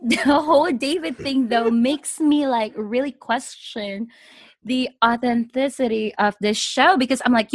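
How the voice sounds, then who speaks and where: A woman's voice: on the high side, measured pace, no room sound. Sarcastic woman co-host, dry sound. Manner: incredulous, sarcastic asides. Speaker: podcast co-host. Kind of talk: casual chat.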